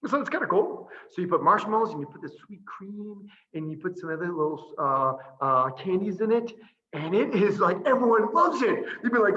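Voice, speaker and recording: A man with a fairly high, bright, forceful voice talks animatedly about life at an orphanage, laughing often and slipping into little voiced asides. The audio has the dull, lo-fi sound of a video call. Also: expressive, normal speed. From Boston area. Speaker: priest and orphanage director. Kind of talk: casual video-call chat.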